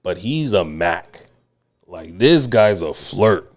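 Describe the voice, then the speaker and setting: A man's voice: low-pitched, slow pace. A young man co-hosting a podcast, telling a story casually with slang and frequent laughs. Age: young adult. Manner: animated, laughing often, slangy. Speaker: podcast co-host.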